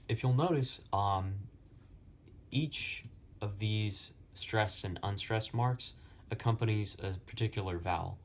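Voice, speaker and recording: Slow, halting young man teaching Latin. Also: fairly low pitch. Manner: slow, halting, many fillers. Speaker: Latin tutor. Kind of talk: explaining poetry lesson.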